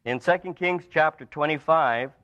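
Man preaching a sermon, slightly high. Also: normal speed, dry recording. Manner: storytelling, drops to soft emphatic lines. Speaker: pastor. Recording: dull lo-fi recording.

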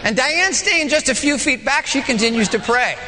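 A man's voice: very high voice, animated, normal speed, very noisy. A male pastor preaching a sermon in a church, dramatic and emphatic, moving from storytelling into intense exhortation. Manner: dramatic, swings between playful story voices and intense preaching. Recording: long reverb of a large hall.

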